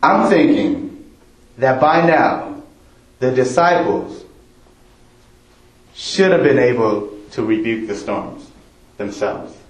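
A male preacher delivers a sermon in an easy, conversational way and keeps asking his congregation questions. He speaks at an unhurried pace. His voice carries the roomy echo of a church hall. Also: mid-range voice, lively intonation.

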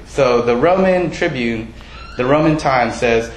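A man's voice: mid-range voice, a little slow, roomy sound, slight background noise, poor audio. A man preaching a sermon as pastor, in a conversational way, often putting questions to the congregation and poking fun at himself. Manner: conversational, self-deprecating, asks the congregation questions.

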